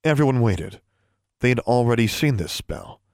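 In a steady, measured reading, a man with a mid-range voice narrates a scripted fantasy audiobook. The recording is dry and clean, with studio-quality sound.

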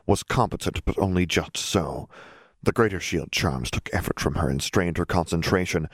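A man reading a fantasy story aloud in a steady, measured narration. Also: low-pitched, no echo, clean studio sound. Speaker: audiobook reader. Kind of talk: narrated fan fiction reading.

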